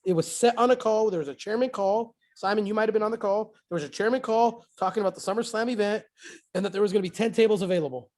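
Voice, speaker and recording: A man sharing a success story with his team in a casual motivational talk, excitable and repeating phrases for emphasis. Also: sits high, quick pace.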